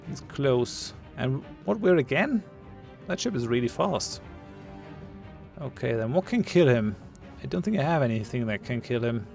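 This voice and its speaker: Playing a ship combat game, a man mutters, thinks aloud and laughs at his own jokes in casual commentary. His mid-range voice has vocal fry and a darkish tone.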